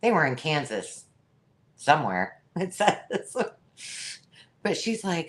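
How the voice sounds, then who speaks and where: A woman's voice: low voice, very animated, takes it slowly, pauses often. A woman hosting a live online sale, chatty and jokey, laughing at her own remarks. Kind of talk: live-stream sales chat.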